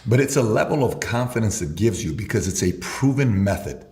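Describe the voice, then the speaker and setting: A man's voice: fairly low pitch, expressive, fairly quick, a little mellow, echoey room. A man telling an emphatic sales story in conversation, acting out his own dialogue. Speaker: sales mentor guest.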